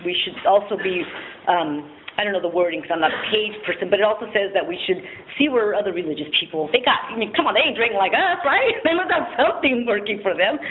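A woman giving a candid personal testimony at a recovery meeting, frank and self-mocking, laughing often and swearing casually. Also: mid-range voice. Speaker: speaker sharing at a recovery meeting. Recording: tinny phone-like audio with faint noise.

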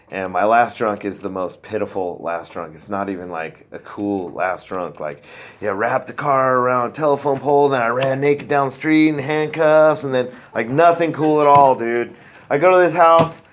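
A man telling his own recovery story in a casual, rambling way, self-deprecating and full of fillers and restarts. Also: medium pitch. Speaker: speaker sharing a recovery story. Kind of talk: casual personal testimony.

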